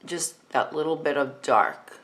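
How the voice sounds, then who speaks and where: A woman in her fifties with a New Jersey accent, talking through a makeup tutorial in a relaxed, chatty way while she works. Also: low voice, measured pace. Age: 50s.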